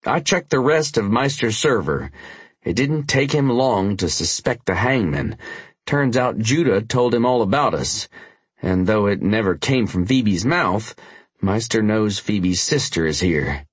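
An urgent young biker man, pitched well above the narrator's own deep register, as a male reader puts him on. He presses his warnings in a rushed, keyed-up way. The audiobook's recording is close and dry. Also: animated, breathy edge, no echo.

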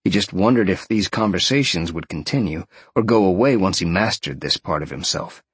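A man narrating an audiobook in a lively storytelling way. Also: low-pitched, fairly quick, slightly rough, no room sound.

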